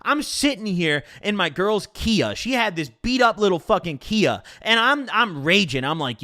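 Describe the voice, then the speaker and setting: A man casually telling a personal story in a profane, slangy, animated way. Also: high voice, moderate pace, hardly any pauses.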